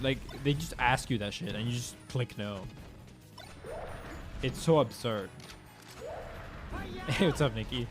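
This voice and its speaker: A man's voice: mid-range voice, unhurried, pauses often, over music. A young man from Sweden, streaming and chatting with his viewers in a loose, slangy way and swearing freely. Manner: laid-back and slangy, swears freely, loose rambling delivery. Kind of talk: casual chat with viewers.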